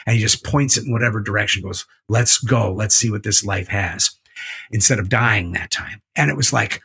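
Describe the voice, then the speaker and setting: Male interview guest, rough fry in the voice, breathy texture, profane storyteller. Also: on the low side, normal speed, bright, forceful tone. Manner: profane, emphatic, retelling a book scene by scene. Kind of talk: candid conversational storytelling.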